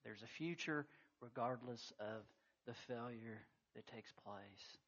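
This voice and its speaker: A man's voice: mid-range voice, slow pace, a bit bright, highs cut off. A man preaching a sermon, telling a scripture story with emphatic surges of intensity. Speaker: pastor.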